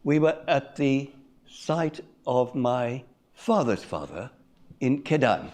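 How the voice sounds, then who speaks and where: Older man telling a story with lively pitch. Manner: measured, reflective storytelling with pauses. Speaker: conference speaker. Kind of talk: personal story told in a talk.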